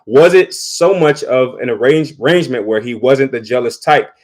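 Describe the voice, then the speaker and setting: A man's voice: medium pitch, moderate pace. A man giving casual spoken commentary, talking loosely and often repeating words as he thinks. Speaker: vlogger.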